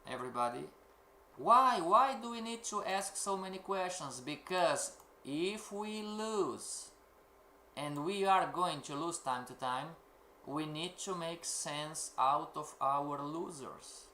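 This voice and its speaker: Male lecturer, non-native English, slow and deliberate, bright tense tone, rhetorical questioning style, echoey room with faint typing. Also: fairly high pitch, expressive, slight background noise. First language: not English. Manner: asks rhetorical questions, keeps calling out "everybody". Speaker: trading course instructor. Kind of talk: live-streamed lecture.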